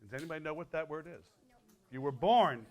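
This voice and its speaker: A man's voice: a little high, a little mellow, lo-fi sound. A man in his sixties from Connecticut, a folk musician joking and teasing his way through stage patter for a school audience. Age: 60s. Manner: playful, teasing, quick asides. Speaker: folk musician and guest performer. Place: school hall, live audience.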